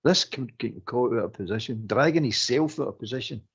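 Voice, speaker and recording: A Scottish man co-hosting a fan phone-in, talking in casual, exasperated, animated bursts. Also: mid-range voice, fairly quick, husky, muffled recording. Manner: animated, exasperated ranting with laughs. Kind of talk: casual football chat.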